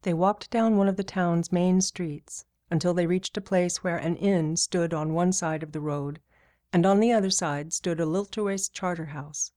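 A woman reading a novel aloud as narrator in a steady, even way. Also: on the low side, normal speed. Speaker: audiobook narrator. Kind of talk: scripted narration.

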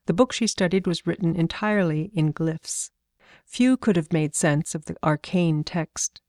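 Low, mellow woman narrating a story. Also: unhurried, no echo, studio quality.

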